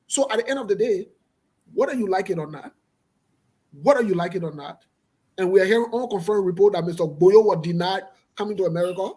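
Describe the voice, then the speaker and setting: A man's voice: high voice, fast, mellow, husky. A man hosting a political talk show, speaking emphatically and repeating himself for effect. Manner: emphatic, repetitive, pointed.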